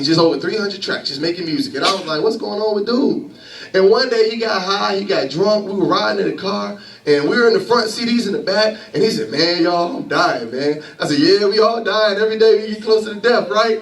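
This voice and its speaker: A man's voice: a little high, a bit bright, reverberant, recorded from a distance, rough recording. A man in his thirties preaching a sermon in a church, talking to the congregation conversationally and with humor. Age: 30s. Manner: conversational preaching with laughter and call-and-response.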